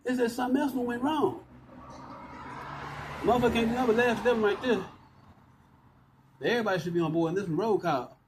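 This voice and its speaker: Guy ranting on his phone outside, high voice, swearing a lot and going in circles, bit of noise behind. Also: brisk, long pauses. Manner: agitated, profane and repetitive. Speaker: vlogger ranting to camera. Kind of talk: rambling outdoor rant. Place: outdoors by walls and concrete.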